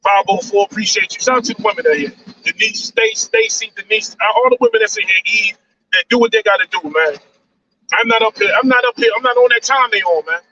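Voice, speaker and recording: A man's voice: sits high, quick pace, sharp tone, dull audio. Man, 40s, live-stream host. Preachy and repetitive, sounds distant with faint noise. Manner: preachy, repeats lines, says "man" a lot. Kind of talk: casual monologue on a live stream.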